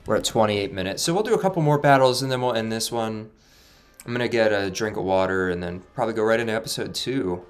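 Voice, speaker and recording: A man with a fairly low voice chats easily while playing through a game, his delivery relaxed and a bit monotone. Soft game music plays quietly behind him. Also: fast, clear, resonant tone. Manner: relaxed, laid-back, self-described monotone. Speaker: gaming channel host. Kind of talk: casual let's-play commentary. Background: faint game music.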